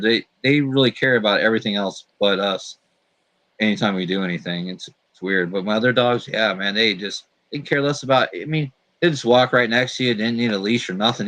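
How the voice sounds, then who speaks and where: A man's voice: on the low side, a bit bright, no echo, poor audio. A man hosting a casual live stream chat, telling laid-back stories about his dogs.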